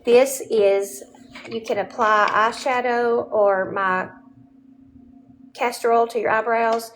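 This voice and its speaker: A woman's voice: on the high side, steady tone, takes it slowly, a little hiss or hum. A woman giving a casual show-and-tell of her home furnishings, chatty and often checking in with the viewer. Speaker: home vlogger. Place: indoors at home.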